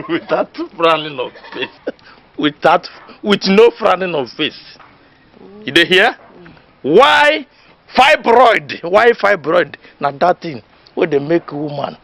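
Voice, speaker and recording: An actor with a Nigerian accent playing a boisterous village know-it-all who gives mock lessons and laughs mid-sentence. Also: male voice, high voice, creaky, fairly bright tone, full character voice. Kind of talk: Nollywood comedy film acting. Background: faint background music.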